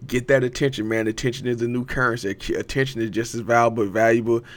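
A young man talks straight into the mic on his own podcast. His voice sits at a middle pitch. He rambles and swears, gets hyped and breaks into laughter. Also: little pitch movement, fast. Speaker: podcast host. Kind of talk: casual motivational monologue.

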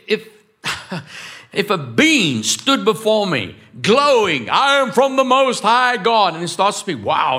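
A male pastor delivers a sermon with a bright, forceful voice sitting a little high for a man. He preaches with energy and acts out the dialogue as he goes. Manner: lively preaching, acting out dialogue and quotes.

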